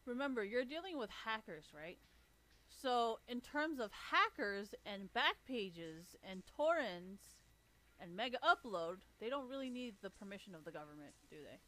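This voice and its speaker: A woman's voice: fairly high pitch, animated, normal speed, bright, forceful tone. Sarcastic, profane woman streamer. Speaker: livestreamer. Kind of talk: livestream rant.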